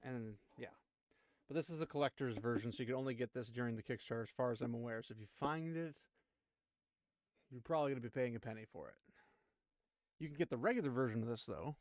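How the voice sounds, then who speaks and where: A man's voice: medium pitch, fast, long pauses, darkish tone, no echo. A young man streaming, chatting casually and laughing as he shows off his collectibles. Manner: chatty, laughs often, rambling asides. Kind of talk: casual chat showing off collectibles.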